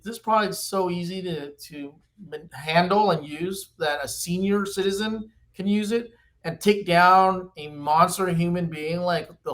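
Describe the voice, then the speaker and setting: A man in his fifties, a company executive, talking animatedly as a podcast guest. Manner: animated storyteller, pitchy. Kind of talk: podcast interview.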